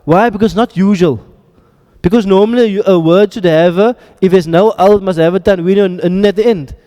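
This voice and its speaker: A man's voice: high voice, brisk, mellow, big-room sound. Joking, quizzing male Arabic teacher. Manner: quizzing students, joking asides. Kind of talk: classroom lecture with drills. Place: classroom.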